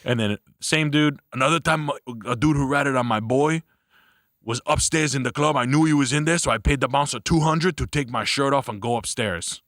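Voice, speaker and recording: A man co-hosting a livestream tells wild stories in loose, profane casual chat. His pitch is middle of the road and his delivery is animated. The sound is close and dry. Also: normal speed, no echo. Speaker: stream co-host.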